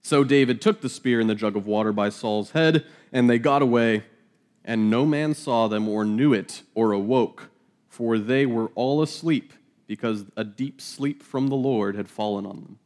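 A man's voice: medium pitch, moderate pace, a little mellow. A man reading scripture aloud and teaching it verse by verse, in a casual, joking manner with laughing asides. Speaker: Bible teacher.

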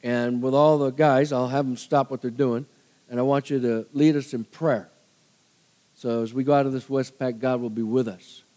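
A man's voice: medium pitch, steady tone, normal speed, warm tone. A middle-aged male pastor preaching a sermon, telling a story in a chatty way, often laughing and acting out the people he quotes.

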